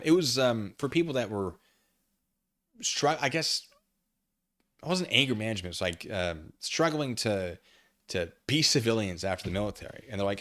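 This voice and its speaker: A man's voice: fairly low pitch, lively intonation, a little fast, fairly bright tone, dry recording, clean studio sound. A man streaming live, chatting in a rambling, self-mocking way. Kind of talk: casual livestream chat.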